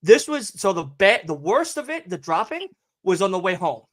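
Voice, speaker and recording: A young man co-hosting a livestream, telling a story in animated casual chat and swearing often. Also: sits high, moderate pace. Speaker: livestream co-host.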